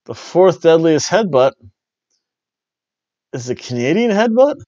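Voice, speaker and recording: A man hosting a wrestling review podcast, rambling and joking, jumping between loud bursts and mumbled asides. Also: a little high, very animated, measured pace, no room sound, dull audio. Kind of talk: casual review chat.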